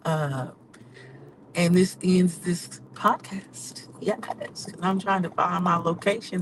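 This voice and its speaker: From her car on city streets, this woman, a podcaster who also drives rideshare, vents during a casual live vlog, moving from low mutters to loud exclamations. She talks slowly with a steady tone, and background noise is audible.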